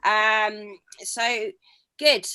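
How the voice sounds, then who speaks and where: A woman's voice: mid-range voice, steady tone, extremely slow, pushed and bright, clear, resonant tone. A woman hosting an online comedy show, introducing acts in a chirpy way with lots of fillers. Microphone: video call.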